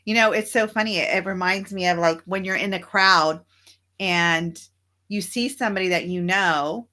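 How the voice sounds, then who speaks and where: A middle-aged woman talks earnestly as a co-host. She muses on her feelings in a reflective way and slips into quick acted-out bits of everyday scenes. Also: lowish voice, pushed and bright. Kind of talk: casual chat.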